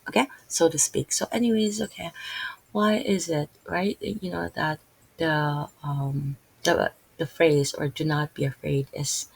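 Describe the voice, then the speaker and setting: A middle-aged woman from the Philippines with a Filipino accent, rambling earnestly in an unscripted vlog, with halting restarts and many fillers. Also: low-pitched, vocal fry, husky, poor audio. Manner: earnest, openly emotional about faith. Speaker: vlogger and massage therapist. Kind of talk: unscripted casual vlog talk.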